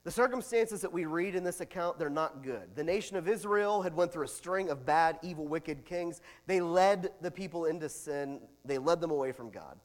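A man pastor preaching a sermon, animated, with big swings in loudness and chatty asides. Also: fairly high pitch, moderate pace, hardly any pauses, big-room sound.

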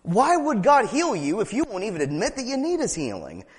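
A man preaching a sermon with fervent emphasis, repeating key phrases, asking rhetorical questions and slipping in quick laughing asides. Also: high voice, wildly swooping pitch, big-room sound. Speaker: pastor.

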